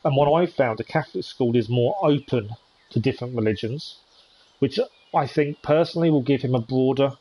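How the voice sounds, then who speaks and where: A man chats casually through a live game stream. His voice sits at an ordinary middle pitch. He talks in a hesitant way, with lots of ums and restarts. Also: darkish tone. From United Kingdom. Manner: chatty, hesitant, many ums. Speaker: gaming streamer.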